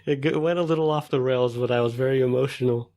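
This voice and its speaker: A man's voice: medium pitch, steady tone, fast talker, dark tone. A man co-hosting a podcast in casual chat, rambling with lots of fillers and frequent laughter. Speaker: podcast co-host.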